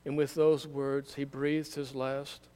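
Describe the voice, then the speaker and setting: A man reading scripture aloud at a candle service, in a measured, solemn way. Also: medium pitch, little pitch movement, darkish tone, clean tone. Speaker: scripture reader.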